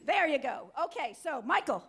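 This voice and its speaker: A middle-aged woman giving an energetic, interactive motivational talk at a conference, coaxing volunteers from the audience. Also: sits high, moderate pace. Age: middle-aged or older. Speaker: conference keynote speaker. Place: conference hall.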